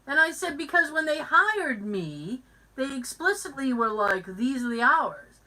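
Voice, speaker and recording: Animated, bright-voiced woman telling stories. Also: sits high, measured pace, poor audio. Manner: animated storyteller who acts out every voice in her anecdotes. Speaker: podcast host. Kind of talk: casual chat.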